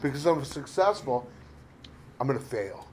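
A man's voice: mid-range voice, animated, normal speed, slight background noise. A middle-aged man telling a candid recovery story in a rambling, self-deprecating way, full of "you know". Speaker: recovery speaker. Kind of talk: candid personal recovery talk.

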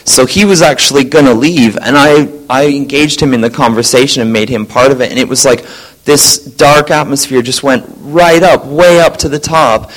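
Animated man telling a school story. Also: mid-range voice, poor audio. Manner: animated, acts out quoted voices. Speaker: science teacher sharing a testimony. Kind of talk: casual storytelling to a group.

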